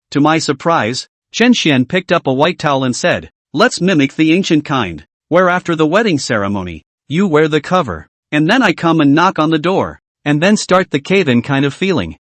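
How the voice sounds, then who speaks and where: A man's voice: on the high side, dry recording. A man narrating a scripted comic story recap, reading every character's lines in his own voice. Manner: reads all dialogue in one lively voice.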